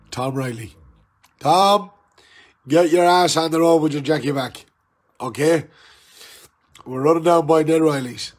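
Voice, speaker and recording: A tipsy man with an Irish accent on a live stream, loudly teasing and challenging an old friend in rowdy banter. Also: medium pitch, breathy edge. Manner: loud, jokey, challenging and teasing. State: tipsy from drinking.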